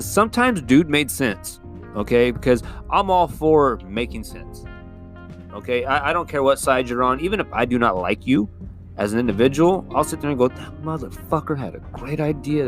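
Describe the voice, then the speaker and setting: A man's voice: medium pitch, animated, moderate pace. A man hosts his own podcast and rants about politics in a loose, profane, rambling style. He gets heated and swears freely, with a guitar playing faintly in the background. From California. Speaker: podcast host. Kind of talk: casual political rant. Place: California.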